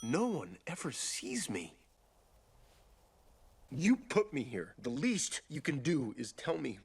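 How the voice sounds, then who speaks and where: Jack Frost, defiant winter spirit. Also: male voice, medium pitch, sing-song, slow pace, gravelly, husky, heavily acted. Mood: pleading. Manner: defiant and indignant. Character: rebellious young male winter spirit, defiant.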